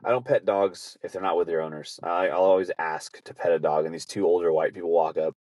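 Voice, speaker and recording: A podcast host telling casual, rambling stories with lots of swearing and frequent laughter. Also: male voice, sits low, fairly even intonation, a little fast, darkish tone, no echo. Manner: profane, rambling, laughing often. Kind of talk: casual storytelling.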